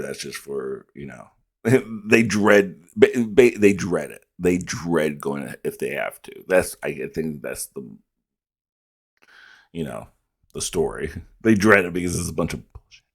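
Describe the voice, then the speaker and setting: A man's voice: a bass voice, unhurried, breathy edge. A man hosting a reaction video, chatting casually and rambling with frequent laughs and restarts.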